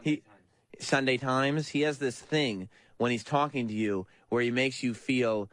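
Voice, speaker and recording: A man chiming in with dry, teasing remarks as a radio co-host. His voice is mid-pitched, and the studio mic sound is dry. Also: measured pace, a bit bright, no room sound. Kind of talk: casual radio banter. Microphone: studio microphone.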